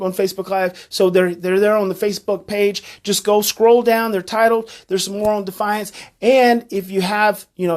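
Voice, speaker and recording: Guy doing a live parenting talk, earnest, keeps repeating the main points over and over. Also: sits high. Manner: emphatic, repeats key phrases like a refrain; earnest, coaching tone addressing parents directly. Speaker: parenting educator.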